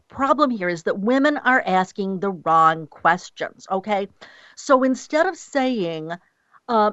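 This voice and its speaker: A woman's voice: on the high side, sing-song, measured pace, dry recording, lo-fi sound. A passionate woman guest in a radio interview, speaking emphatically and acting out quotes.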